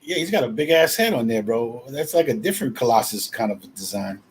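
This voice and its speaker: A man's voice: mid-range voice, lively intonation, fairly quick, husky. A man co-hosting a live talk show, chatting casually and loosely, swearing and laughing. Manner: loose, profane, laughing banter. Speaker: podcast co-host. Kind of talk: casual chat.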